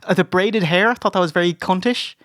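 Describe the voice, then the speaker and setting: A man's voice: sits high, a bit bright, no echo, studio quality. A man co-hosting a podcast in casual comedic review chat, sweary and joking. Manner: sweary, joking, quick laughs. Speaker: podcast co-host.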